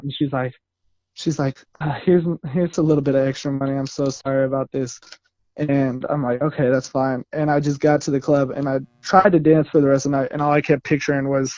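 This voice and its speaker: A man's voice: medium pitch, darkish tone, no echo, highs cut off. A man, a male dancer, telling a story in a casual, rambling way and correcting himself as he goes. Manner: rambling, self-correcting, laughs while telling.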